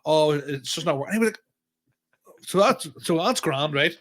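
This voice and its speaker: A young man with a Northern Irish accent, telling a story on a podcast in animated, sweary casual chat and acting out what people said. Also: a little high, moderate pace. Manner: animated, swearing, acts out quoted exchanges. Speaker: podcast host.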